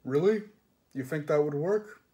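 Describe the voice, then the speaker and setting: Storybook sledge driver, male, heavy slow voice, puzzled, a man reads it. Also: fairly high pitch, lively intonation, mellow, highs cut off.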